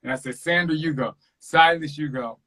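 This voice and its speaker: A man chatting earnestly about fatherhood, animated and acting out quotes as a guest on a video call. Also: on the high side, moderate pace, poor audio. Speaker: podcast host and father, interview guest. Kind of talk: casual interview chat.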